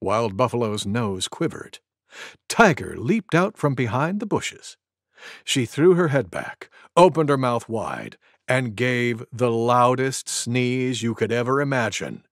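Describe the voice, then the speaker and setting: A man with a gravelly, slow voice reads a children's storybook. His pitch leaps all over as he plays with the words. The sound is dry and close. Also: dry recording. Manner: animated, playful voices for each animal. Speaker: storybook narrator.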